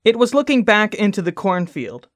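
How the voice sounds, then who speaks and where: A woman co-hosting a comedy podcast, reading a spooky story aloud and then joking about it in animated bursts. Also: medium pitch, normal speed, dry recording, clean studio sound. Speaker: podcast co-host.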